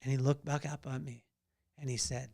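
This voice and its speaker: A middle-aged man hosting a devotional podcast, telling a personal story with animated delivery and acted-out voices. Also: medium pitch, normal speed, vocal fry. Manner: animated, acts out voices in stories. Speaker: podcast host.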